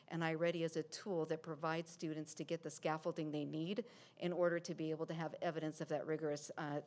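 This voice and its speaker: A woman with a notably low voice speaks at a school board meeting. She presents as district staff, steady and explanatory, with the odd filler as she goes. The delivery is formal and measured.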